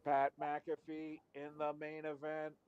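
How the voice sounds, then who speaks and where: A man's voice: a little high, completely flat delivery, slow pace, darkish tone, smooth, dull audio. Rambling, wry man in casual chat.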